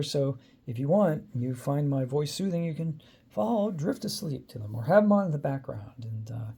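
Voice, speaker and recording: A man hosting a card-unboxing video, talking casually and thinking aloud with lots of fillers. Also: medium pitch. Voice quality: gravelly, dark voice. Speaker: card-opening channel host.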